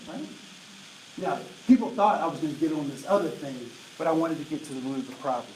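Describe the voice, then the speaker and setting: A man in his late forties giving an energetic diversity talk to an audience, often asking "right?" to check in with them. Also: on the high side, fast talker. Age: 40s. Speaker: diversity trainer. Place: large room with an audience. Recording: roomy echo, voice from a distance, faint noise.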